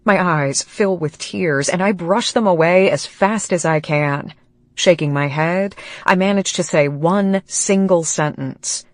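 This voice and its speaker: A woman reading a first-person romance audiobook, slow and emotional in a measured way. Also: lowish voice, no echo, clean studio sound. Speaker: audiobook narrator.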